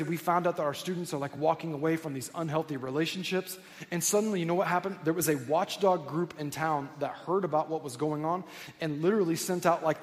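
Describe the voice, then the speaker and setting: A man delivers a sermon, an earnest pastor telling stories with a conversational pull. His voice sits fairly high for a man. The sound carries the long reverb of a church hall. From United States. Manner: earnest, storytelling preacher. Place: church sanctuary.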